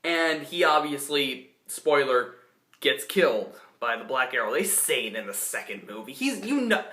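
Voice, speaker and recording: A man's voice: mid-range voice, sing-song, moderate pace, pushed and bright. A young man giving a casual spoken film review, rambling with many restarts and fillers. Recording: echoey room.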